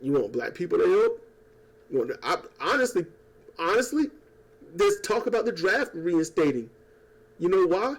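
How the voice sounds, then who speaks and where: A man talking at home in a casual political rant. He rambles, swears and turns sarcastic, tossing in quick mocking impressions. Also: high-pitched, very animated. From United States. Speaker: YouTuber. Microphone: old desk microphone.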